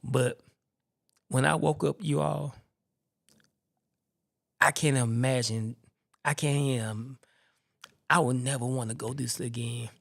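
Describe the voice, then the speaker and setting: Man, podcast host, gravelly mid-pitched voice, animated faith testimony. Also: a little slow, long pauses. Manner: animated storyteller acting out the people he quotes. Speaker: podcast host telling his own story.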